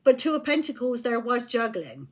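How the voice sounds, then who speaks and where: A fairly high-voiced woman reads tarot cards in a casual way. She talks bluntly and with heavy emphasis, and she swears when she gets riled. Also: sing-song, normal speed. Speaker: tarot reader.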